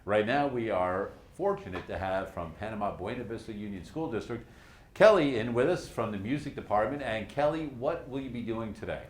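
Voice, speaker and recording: A man hosting a studio math help show, with a brisk, announcer-like delivery. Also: lowish voice, animated, echoey room.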